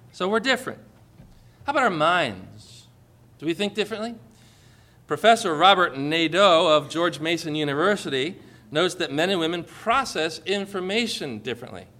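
Jokey pastor man, bright voice. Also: sits high. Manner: jokey, calls for amens from the congregation. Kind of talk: sermon.

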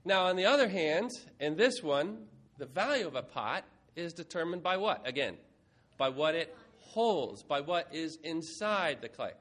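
Male preacher with a somewhat high voice, lively delivery, auctioneer bits. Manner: lively, playful, shifts from quiet reflection to brisk auctioneering. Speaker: pastor. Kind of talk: sermon with a mock auction.

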